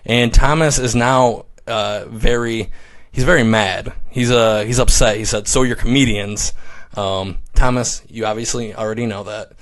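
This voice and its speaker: A man's voice: lowish voice, fairly even intonation, normal speed, fairly bright tone. Joking man hosting a live chat. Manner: jokey, reads viewer comments aloud, laughs often. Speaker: host. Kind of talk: casual livestream chat.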